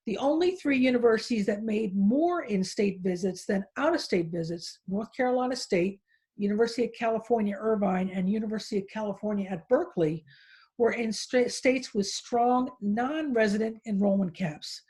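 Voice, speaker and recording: A woman hosting a podcast who reads out research findings and then puts questions to her guest, with a slightly husky voice. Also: medium pitch, normal speed, a little mellow. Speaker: podcast host. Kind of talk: podcast interview.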